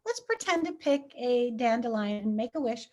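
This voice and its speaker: A woman with a high, light voice tells her stories with animated, acted-out voices. She laughs easily and keeps the chat loose and casual. She works as a preschool teacher and a hypnotherapist. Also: normal speed. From United States. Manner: animated storyteller, acting out voices and laughing often.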